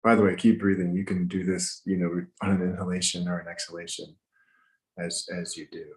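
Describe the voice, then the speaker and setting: Deep-voiced man guiding a meditation. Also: little pitch movement, rough recording. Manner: slow, gentle instructions with pauses. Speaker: meditation teacher. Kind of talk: guided breathwork meditation. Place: home with windows open.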